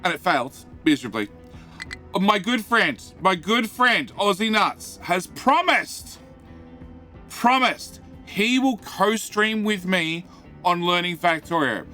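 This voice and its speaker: A man talks through a live game stream in a high, bright, forceful voice, shouting greetings and joking with his viewers. He stammers and repeats himself as he goes. Faint music plays behind him. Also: animated, takes it slowly.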